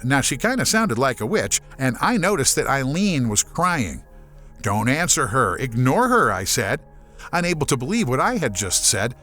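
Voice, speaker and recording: A man from Germany narrating a horror audiobook as a scripted, expressive storyteller. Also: fairly high pitch.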